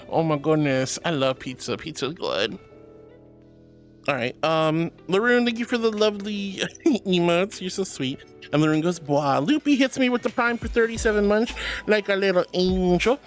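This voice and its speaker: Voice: normal speed, faint music behind. A streamer chatting casually and reading out viewer messages, calling everyone sweetie and honey. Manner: animated, jumps between high squeals and low mutters.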